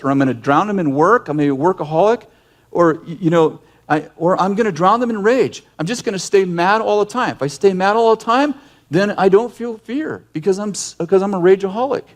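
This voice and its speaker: A man teaches in a conversational sermon style, animated and emphatic. His voice sits a bit high for a man. He speaks bluntly and often breaks off to restart a thought. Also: a little fast. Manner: animated storyteller who acts out yelling scenes; direct and emphatic, with frequent restarts. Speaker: ministry leader and teacher.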